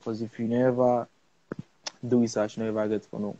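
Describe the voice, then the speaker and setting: A man's voice: fairly low pitch, flat delivery, normal speed, dark tone, lo-fi sound. A young man with a Sierra Leonean accent, a film-maker talking casually and rambling in a live interview, full of fillers and restarts. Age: young adult. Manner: laid-back, rambling, many fillers and restarts. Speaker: interview guest, cinematographer.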